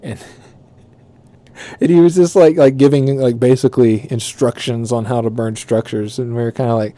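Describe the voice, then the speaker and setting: A man's voice: mid-range voice, fairly even intonation, moderate pace, dark tone. A man telling a profane work story casually, rambling and correcting himself as he goes. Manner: rambling, swearing, self-correcting.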